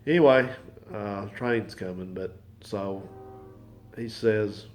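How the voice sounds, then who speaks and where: A man's voice: lowish voice, normal speed, a little mellow, a little hiss or hum. A man telling a long, folksy, rambling story in his home garage, repeating himself as he goes. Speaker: mechanic and channel host. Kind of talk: casual storytelling to camera.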